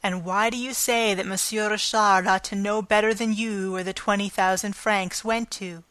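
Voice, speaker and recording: A woman reading an audiobook, voicing a calm, authoritative male theatre manager. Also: medium pitch, normal speed, dry recording, close to an everyday voice. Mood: questioning. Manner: calm, commanding, amused.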